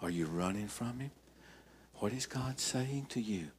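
An older man preaching a sermon as pastor, emphatic, telling stories with dramatic pauses. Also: on the low side, lively intonation, a little hiss or hum.

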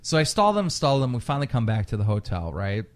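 A man spins a rambling story on a casual podcast, swearing often and playing out every quoted line. His voice sits at an ordinary middle pitch. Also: fast. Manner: profane, animated storyteller acting out quotes. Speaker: podcast host.

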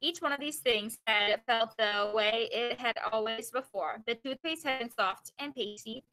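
A woman reading a children's chapter book aloud, pausing to explain the story in plain, casual words. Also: a little high, bright, forceful tone, low-quality recording.

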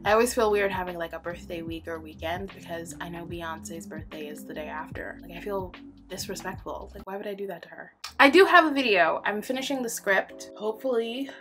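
A woman's voice: fairly low pitch, brisk. Chatty young woman vlogging over music. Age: 20s. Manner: chatty and rambling, laughs often, emotional. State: holding back tears. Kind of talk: casual personal vlog.

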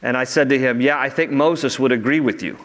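A man's voice: medium pitch, brisk, long reverb tail. A man, preaching earnestly as a pastor and rising in emphasis on key phrases. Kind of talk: sermon. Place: church sanctuary.

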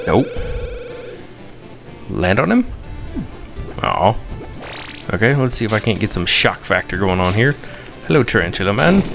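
Excitable gravelly-voiced man playing a game. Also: moderate pace. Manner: excitable, squeals in high pitch at surprises; playful chatter, chants nonsense eating noises. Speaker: gamer. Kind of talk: mobile game commentary. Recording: game music behind.

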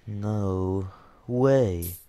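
A young man giving jokey let's-play commentary over a game, excitable, with sudden yelps and shouts. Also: fairly low pitch, extremely slow, a little hiss or hum. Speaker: gaming YouTuber.

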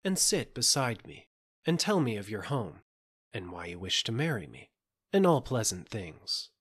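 A man's voice: on the low side, sing-song, a little slow, fairly bright tone, slightly rough, full character voice. A man voicing a beautiful, wicked young princess in a storybook reading, sweet and coaxing in manner. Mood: beguiling.

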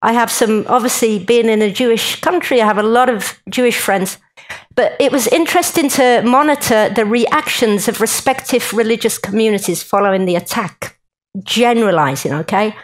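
A woman's voice: a little high, moderate pace, low-quality recording. A woman giving a chatty, joking talk to a live conference audience and speaking straight to the crowd.

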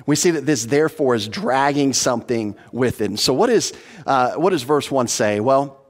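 A man's voice: mid-range voice, lively intonation, normal speed. A man preaching an expository sermon as pastor, earnest and teacherly, stressing points by repeating them. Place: church hall. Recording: long hall reverb.

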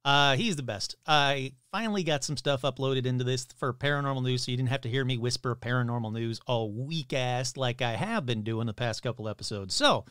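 A man's voice: mid-range voice, fairly quick, hardly any pauses, fairly bright tone, clear, resonant tone, no echo, clean studio sound. A man hosting a paranormal podcast, reading news stories in a casual style with joking, self-deprecating asides. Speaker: podcast host. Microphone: studio microphone, adjusted mid-show.

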